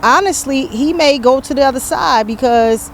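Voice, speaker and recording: High, animated woman host, grandmother. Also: moderate pace, slight background noise. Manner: animated storytelling, acts out quotes, many restarts. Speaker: podcast host. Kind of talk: candid podcast conversation.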